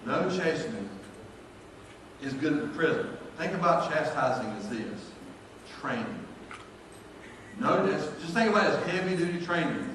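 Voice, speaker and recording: A man's voice: a little high, big pitch swings, normal speed, pauses often, background noise. A male pastor, telling folksy, joking stories in a sermon. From North Carolina, US. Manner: folksy, jokey, builds to shouted praise. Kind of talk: storytelling sermon. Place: large church sanctuary. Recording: echoey church hall from far off.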